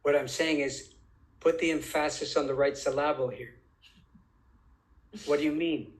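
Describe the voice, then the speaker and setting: A man's voice: a little high, fairly even intonation, rough recording. Emphatic man asking rhetorical questions. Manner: deliberate, drawn-out phrasing. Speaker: interview guest, author. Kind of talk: conversational interview.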